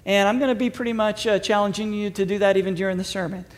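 A man with a high, bright voice delivers a chatty, upbeat sermon to his congregation. His voice rings in the long reverb of a church auditorium. He slips in self-deprecating jokes. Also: fairly even intonation, quick pace. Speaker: pastor.

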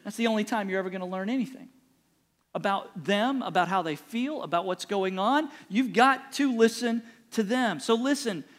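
High-voiced emphatic male preacher. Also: animated, moderate pace. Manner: emphatic, repeating phrases for punch. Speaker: pastor. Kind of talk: sermon.

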